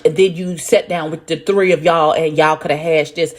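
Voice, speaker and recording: Give me a woman, reacting to a show out loud, profane and animated, low-pitched. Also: moderate pace, hardly any pauses. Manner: loud, profane, animated, talks back at the screen. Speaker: reaction video host. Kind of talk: casual reaction commentary.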